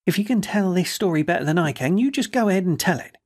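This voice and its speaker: Excited young soldier spilling gossip, fast and high, raspy, a guy puts him on. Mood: eager. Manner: eager, breathless retelling with mimicked quotes. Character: eager young male soldier, gossiping storyteller.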